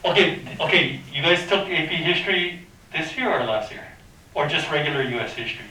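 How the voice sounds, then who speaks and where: A slightly high, bright, forceful male voice delivers a brisk, informal math lecture in a high school class. He quizzes the students and uses sound effects, recorded from a distance in an echoey room.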